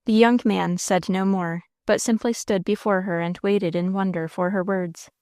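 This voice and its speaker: A woman narrates an audiobook in a measured, expressive way. Her voice is smooth and clear, with a mid pitch, recorded close and dry. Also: dry recording.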